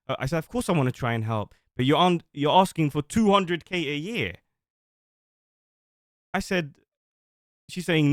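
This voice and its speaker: A man's voice: on the high side, animated, moderate pace, pauses often, fairly bright tone, no echo, clean studio sound. A man on a livestream reading out old messages and defending himself, rambling at length. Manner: defensive, rambling, reads screenshots aloud. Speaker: streamer.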